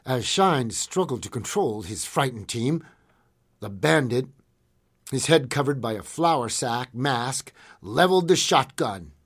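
Man, storyteller, folksy, dramatic, animated intonation. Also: mid-range voice, unhurried, breathy edge. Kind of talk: old-west history storytelling.

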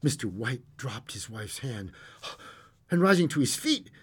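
A man narrating a classic short story aloud in an expressive way, with occasional stumbles and chuckles. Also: medium pitch, a little slow, breathy edge.

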